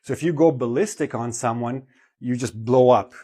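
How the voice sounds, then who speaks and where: A man gives an English vocabulary lesson in a medium-pitched voice. He explains each word patiently and keeps checking in with the listener. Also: moderate pace, dark tone, breathy edge. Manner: explanatory, checks in with "okay?" and "right?". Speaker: English teacher.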